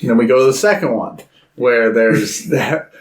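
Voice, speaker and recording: A man co-hosting a podcast, chatting casually about films, acting out scenes in high voices and laughing often. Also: moderate pace. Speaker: podcast co-host. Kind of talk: casual film chat.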